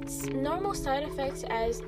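A woman's voice: high voice, measured pace, loud music behind the voice. A young woman hosting a podcast, chatting casually with lots of swearing. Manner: profane, animated, swears a lot. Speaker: podcast host. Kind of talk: casual chat.

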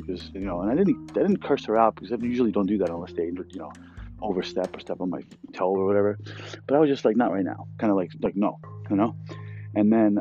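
Brief: profane cook ranting, mellow dark voice, dull lo-fi sound with faint music underneath. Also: male voice, lowish voice. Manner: blunt, profane, animated. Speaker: restaurant cook. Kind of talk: profane storytelling rant.

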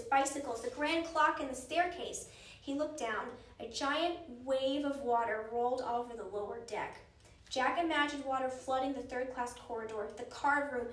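A woman with a high voice reads a children's chapter book aloud. Her delivery is expressive and dramatic. She sits back from the mic in an echoey room. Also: distant mic. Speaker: storyteller. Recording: roomy sound, voice off-mic.

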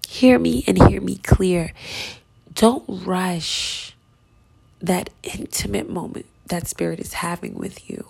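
Her voice is low and deeply rough and gravelly as this woman delivers a measured, unhurried sermon. Urging her audience with intensity and emphasis, she often sinks into a whisper.

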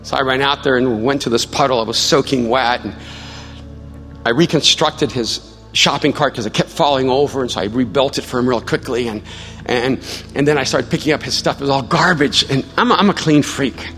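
A man preaching a sermon as pastor, telling a story with self-mocking humor and then turning to a quiet, prayerful appeal. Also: medium pitch, a little fast. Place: large church hall. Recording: live church hall with long reverb and soft music.

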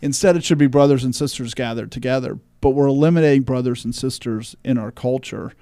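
A man co-hosts a religious discussion podcast for a church, speaking emphatically and quoting scripture in a preachy way. His medium-pitched voice is brisk, mellow and clean, with no echo.

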